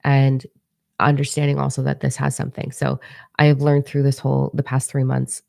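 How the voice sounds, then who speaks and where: Forty-something woman with a gravelly mellow voice, rambly and blunt, cussing as she tells her story. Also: a bass voice, monotone, fairly quick, dry recording, studio quality. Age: 40s. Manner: rambling, blunt, swears freely. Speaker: spiritual teacher. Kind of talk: casual storytelling monologue.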